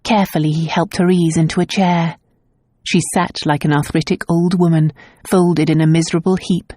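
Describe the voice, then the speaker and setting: A woman narrating a romance novel audiobook in a calm, measured way. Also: lowish voice, no echo, clean studio sound. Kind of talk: scripted narration.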